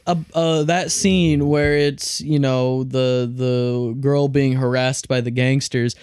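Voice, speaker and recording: A man's voice: mid-range voice, steady tone, slow pace, a little mellow, clean tone, no room sound, clean studio sound. A young man co-hosting a film podcast, chatting casually and rambling with restarts. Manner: rambling, restarts, comparing films. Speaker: podcast co-host. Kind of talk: casual film review chat.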